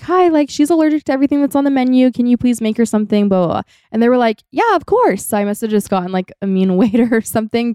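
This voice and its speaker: Telling a personal story on a podcast she co-hosts, a young woman chats casually and drops "like" again and again. Her voice is mid-range, dark and clean, recorded in a clean studio with no room sound.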